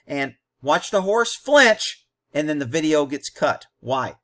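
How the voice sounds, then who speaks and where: A man's voice: on the high side, big pitch swings, slow pace, fairly bright tone. A man hosting a commentary on a training video, talking bluntly and combatively in short, punchy explanations.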